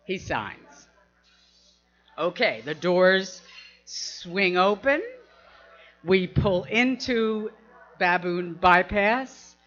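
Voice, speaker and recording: Lady telling a funny story, keeps laughing, bright sharp voice, dull lo-fi recording. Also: fairly low pitch, lively intonation, extremely slow, pauses often. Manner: laughs often while telling, acts out quoted voices. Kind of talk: personal anecdote told to an audience.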